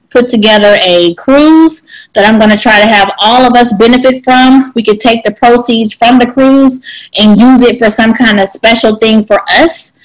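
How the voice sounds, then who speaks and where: A woman's voice: a little high, rough recording. A woman giving a chatty, emphatic coaching talk to her team, answering their questions as a team leader.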